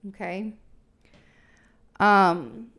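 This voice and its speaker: A woman's voice: medium pitch, extremely slow, a bit bright. Rambling woman giving a tarot reading. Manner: rambling, reassuring, thinks aloud with many fillers. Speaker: tarot reader. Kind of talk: casual tarot reading monologue.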